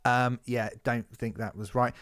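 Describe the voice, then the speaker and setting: A man's voice: mid-range voice, little pitch movement, unhurried, a bit bright, clear, resonant tone. A man co-hosting a podcast, ranting and swearing in casual chat. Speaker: podcast co-host.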